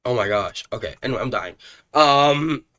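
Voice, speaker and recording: Male streamer, congested from allergies, excitable commentary mixed with stumbling read-alouds. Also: medium pitch, normal speed. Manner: excitable, stumbles over names. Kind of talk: live gameplay commentary and reading game text aloud.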